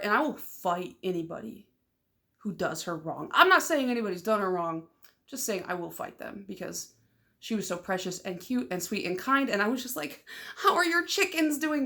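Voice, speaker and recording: A young woman from Michigan talks through her nail polish vlog in a loose, rambling way. Her sentences are full of "like" fillers and restarts. She gets loud and excited easily and laughs often. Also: mid-range voice. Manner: chatty, rambling, lots of "like" fillers. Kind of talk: casual vlog chat.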